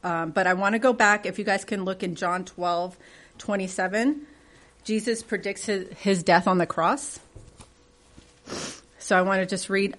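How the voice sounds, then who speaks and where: A woman's voice: medium pitch, steady tone, unhurried, long pauses, fairly bright tone. A woman leads a church Bible study in a conversational way. She puts questions to the group and reads scripture aloud with rising emphasis.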